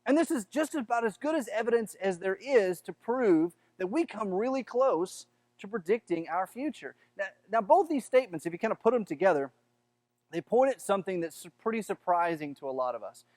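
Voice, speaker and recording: Conversational Southern pastor, high voice. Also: male voice, animated, fairly quick, darkish tone, no echo. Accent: Southern American. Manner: conversational, repeats words, acts out quoted voices. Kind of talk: sermon.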